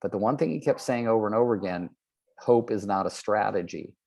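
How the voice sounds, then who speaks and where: A man's voice: lowish voice, fairly quick, gravelly, darkish tone. A man in his sixties, a real estate trainer, giving a motivational talk and acting out the people in his stories. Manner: storytelling, acts out quoted people.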